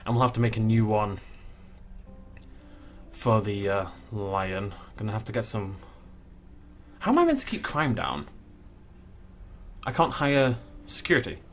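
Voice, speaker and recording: A man's voice: lowish voice, big pitch swings, unhurried, long pauses, faint music behind. A young man giving casual commentary as he plays a zoo game, chatting and cooing at the animals. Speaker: gaming channel host.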